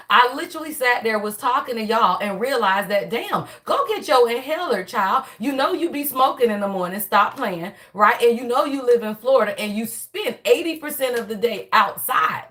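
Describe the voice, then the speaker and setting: A woman hosting a casual spiritual reading livestream, talking to viewers in an animated, chatty way with a tired, strained voice. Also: on the high side, normal speed, hardly any pauses. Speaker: spiritual reader and channel host.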